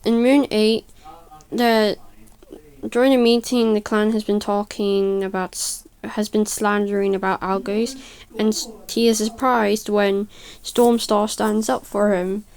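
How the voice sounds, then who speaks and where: A woman casually narrating a speedpaint video, halting and stuttering, correcting herself as she goes, and sounding tired. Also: medium pitch, flat delivery, a little mellow, smooth. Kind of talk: casual voice-over storytelling.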